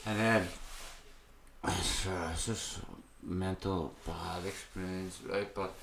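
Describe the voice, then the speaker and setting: A man's voice: low-pitched, fairly even intonation, takes it slowly, vocal fry, noisy background. An Irish man telling his own story as a podcast guest, raw and emotional and swearing constantly. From Ireland. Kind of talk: candid personal storytelling. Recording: echoey room.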